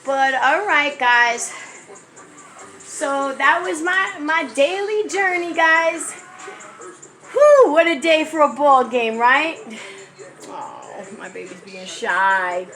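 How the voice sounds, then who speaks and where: Very high-voiced New York mom, slow and sing-song. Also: female voice, expressive, fairly bright tone. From New York, the Bronx. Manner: chatty, shifting into sing-song baby talk toward her child. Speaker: mother vlogging her daily routine. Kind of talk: casual home vlog. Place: at home, indoors. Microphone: camera set up on a stand in the room. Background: music playing in the house.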